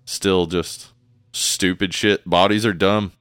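Smooth-voiced podcast co-host, casual. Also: male voice, sits low, takes it slowly, no room sound, studio quality. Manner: relaxed, rambling, many restarts. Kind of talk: casual chat.

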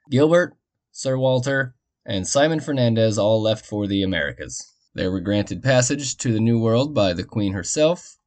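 A man's voice: fairly low pitch, a little mellow. A man hosting a history storytelling podcast, narrating casually with jokey, rambling asides and muttered side remarks.

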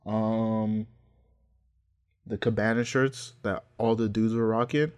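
A young man co-hosting a casual podcast chat, telling stories in an animated, slangy way with frequent laughs. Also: lowish voice, takes it slowly, clear, resonant tone. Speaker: podcast co-host.

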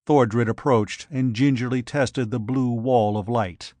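A man narrating an adventure story in a measured, even reading. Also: mid-range voice, no room sound. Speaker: audiobook narrator.

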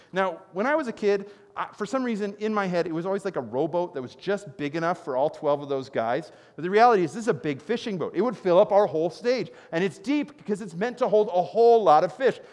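A male pastor preaching a sermon, moving between loud, emphatic passages and quiet, earnest ones. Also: a little high, big-room sound.

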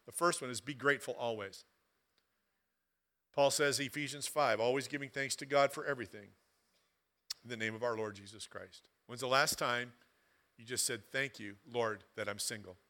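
A man preaching a sermon as pastor, moving from loud, emphatic passages to quiet, conversational asides. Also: mid-range voice, normal speed, pauses often.

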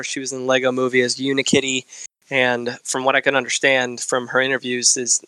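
A man with a bright, forceful voice on a casual podcast, walking through film credits with upbeat jokes. The sound is dry and close, with no room around it. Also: medium pitch, steady tone, moderate pace, smooth, no room sound. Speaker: podcast co-host. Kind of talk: casual chat.

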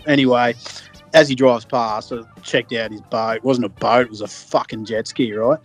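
A man's voice: mid-range voice, level tone, normal speed, faint music behind. Sweary Australian man in casual podcast chat. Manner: blunt and sweary, laughs easily. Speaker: podcast co-host.

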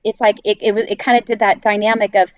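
A woman's voice: medium pitch, flat delivery, fast talker, clear, resonant tone, no room sound, highs cut off. A woman sharing her own story of healing in a candid, reflective way, with plenty of fillers. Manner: earnest, reflective, many fillers. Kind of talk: candid faith testimony.

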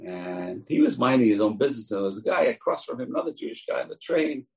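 A man's voice: medium pitch, quick pace, gravelly, slightly rough, low-quality recording. A man teaching a Torah lesson as a rabbi, telling stories and acting out the voices in them. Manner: animated teller, acts out quoted voices.

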